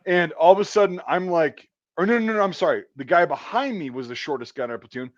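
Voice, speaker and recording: A man's voice: fairly high pitch, animated, quick pace, muffled recording. A man in his thirties hosting a crude casual talk show, telling profane stories and laughing often. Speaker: podcast host.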